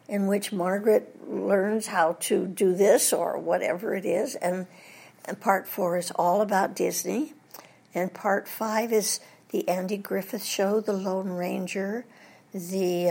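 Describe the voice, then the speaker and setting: An older American woman with a gravelly, slightly husky voice tells stories from her career in a relaxed interview. She is animated and quick to laugh, rolling one anecdote into the next. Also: medium pitch. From United States. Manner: lively anecdotal storyteller, laughs often at her own stories. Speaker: guest, veteran voice actress. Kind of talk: casual interview storytelling.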